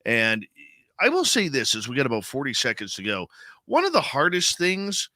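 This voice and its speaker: A man's voice: mid-range voice, wildly swooping pitch, normal speed, sharp tone, no echo. A man hosting a radio talk show, chatting casually and heartfelt about family traditions. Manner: conversational, heartfelt, says "man" a lot.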